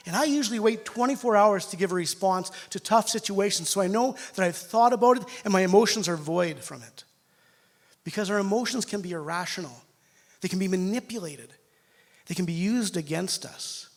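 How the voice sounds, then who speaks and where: A middle-aged man with a Canadian accent preaching a sermon, emotional and self-deprecating, swinging between loud and quiet. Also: high-pitched. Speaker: pastor.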